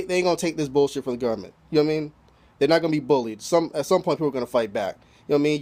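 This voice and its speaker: A man's voice: fairly high pitch, darkish tone. Casual profane man recapping anime. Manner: loose and profane, heavy "you know" fillers. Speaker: anime reviewer.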